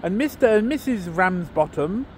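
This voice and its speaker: A man's voice: high-pitched, expressive, moderate pace, slight background noise. A man reciting a comic poem aloud outdoors in a seaside town, in a put-on Lancashire accent and a theatrical storytelling manner.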